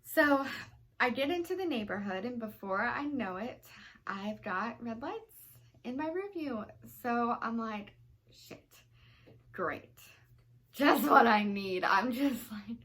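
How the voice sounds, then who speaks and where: A woman's voice: a little high, lively intonation, measured pace, fairly bright tone. A young woman vlogger telling a personal story in a rambling, emotional way, full of "you know" fillers. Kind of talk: storytime vlog.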